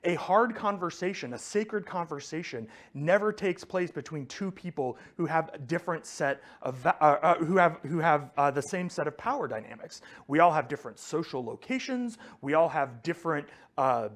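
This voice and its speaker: A man's voice: fairly high pitch, lively intonation, normal speed, few pauses. A man giving a conversational faith teaching, telling a story with frequent fillers and restarts.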